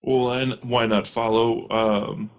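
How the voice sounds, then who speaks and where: A man playing a tabletop game, speaking in character in a measured, diplomatic way. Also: mid-range voice, level tone. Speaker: player.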